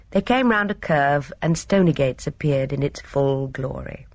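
An audiobook reader narrating a novel in an expressive, measured storytelling manner. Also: medium pitch, dry recording.

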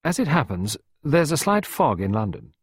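A man reading aloud and voicing a self-important government official husband who speaks gravely and solemnly about secrets. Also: mid-range voice, sing-song, moderate pace, no room sound, studio quality, pitched above the performer's own voice.

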